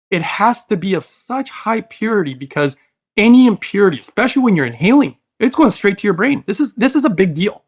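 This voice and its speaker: A man's voice: on the high side, a bit bright. A man speaking as a podcast guest, earnest and emotional, talking in a preachy, heartfelt way and calling the host brother. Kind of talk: casual interview talk.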